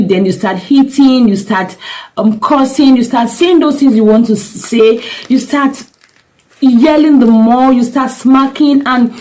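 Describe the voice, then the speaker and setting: A woman's voice: on the high side, warm tone, rough recording. A middle-aged woman, a parenting coach giving earnest, emphatic advice straight to camera and repeating her key points. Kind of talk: direct-to-camera advice talk.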